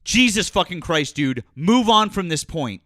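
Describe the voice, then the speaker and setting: Brief: high-pitched male talk host, combative and profane, dry close mic. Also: sing-song, unhurried, fairly bright tone, dry recording. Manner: combative, profane, berating and repeating himself. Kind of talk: heated call-in political talk.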